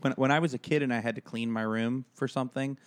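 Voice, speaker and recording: A man co-hosting a casual podcast, ranting in a deadpan, profane, joking way. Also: mid-range voice, quick pace. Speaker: podcast co-host. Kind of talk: casual chat.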